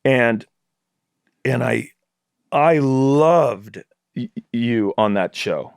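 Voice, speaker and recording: A man in his forties, a guest actor in casual chat, telling animated stories with frequent restarts. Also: medium pitch, extremely slow, vocal fry, smooth, no echo, clean studio sound.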